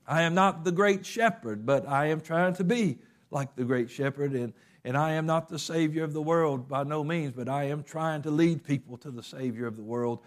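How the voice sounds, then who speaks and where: A man preaching a sermon in a conversational way, acting out little quotes and often pausing with fillers. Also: a little high. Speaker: pastor.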